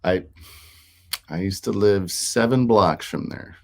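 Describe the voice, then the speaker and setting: A middle-aged Minnesota man hosts a talk show, chatting casually with a guest in a rambling way full of fillers and restarted sentences. His voice is deep and slow, with vocal fry.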